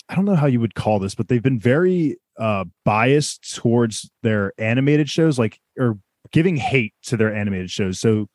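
A man's voice: mid-range voice, darkish tone, no room sound, clean studio sound. A man co-hosting a casual recap chat about a cartoon, explaining things at length with lots of fillers. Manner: rambling, filler-heavy explaining. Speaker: podcast co-host.

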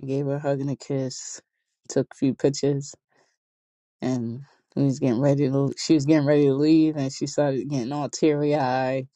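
A woman's voice: rumbling low, level tone, moderate pace, dark tone, dry recording. A young adult woman vlogging, telling casual stories in a chatty, slangy way and laughing often. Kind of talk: casual storytelling to camera.

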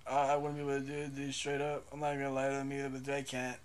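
A man's voice: mid-range voice, monotone, very fast. A young man co-hosting a podcast in casual chat, rambling and profane, hesitating with lots of fillers. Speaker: podcast co-host.

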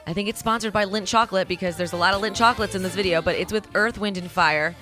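A woman in her thirties hosting a morning show from her studio, chatty, self-deprecating and excitable. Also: medium pitch, fast talker, faint music behind. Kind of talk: casual chat.

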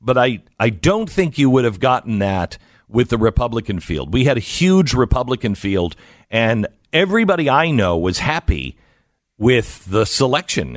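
A man's voice: medium pitch, dry recording, clean studio sound. A middle-aged man hosting a talk radio show, telling stories in a wry, self-mocking way and laughing at his own jokes. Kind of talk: casual talk radio chat.

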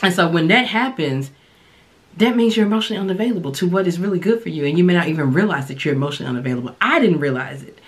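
A woman hosting a podcast, giving casual, candid dating advice and sharing her own experience in a relaxed, colloquial way. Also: lowish voice. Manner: relaxed colloquial delivery with frequent fillers. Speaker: podcast host and dating coach.

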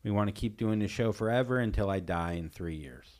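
A young man co-hosting a casual podcast with his partner, joking and deadpan. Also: on the low side, brisk. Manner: joking, deadpan, jokey put-on voices. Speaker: podcast co-host. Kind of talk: casual couple chat.

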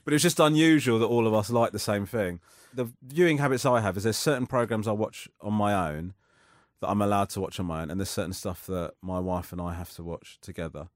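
Self-mocking man, low voice. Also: brisk, no room sound, studio quality. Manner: rambling, self-mocking, laughs often. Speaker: comedian guest. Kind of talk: casual interview chat.

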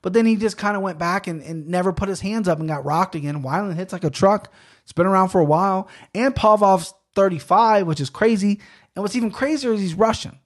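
Chatty man, slightly high voice. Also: fairly quick. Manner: rambling, chatty, frequent fillers and restarts. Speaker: podcast host. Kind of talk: casual solo podcast talk.

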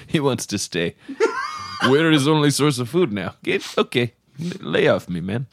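A man playing a brash, crude poker player in an improvised comedy podcast, joking loudly and shouting now and then. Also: mid-range voice, sing-song, measured pace, creaky, no echo, soft background music, exaggerated voice. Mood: boisterous.

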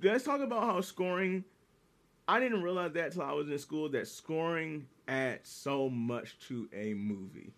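A man's voice: on the high side, a little slow. A man in casual, profane chat about movies, animatedly acting out quotes. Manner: animated, acts out quotes, heavy swearing.

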